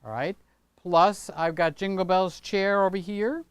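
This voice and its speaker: A man's voice: sits high, fairly even intonation, measured pace, clean tone, no echo. An older man hosting a casual livestream from his home studio, rambling and chatty, often tagging on "okay?". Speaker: channel host. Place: home studio room with set pieces.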